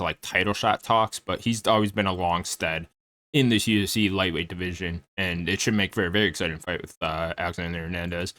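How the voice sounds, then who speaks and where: A man's voice: fairly low pitch, fairly bright tone, dry recording. A young man casually previewing upcoming fights, rambling and laid-back with lots of fillers and some swearing. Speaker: MMA commentary YouTuber.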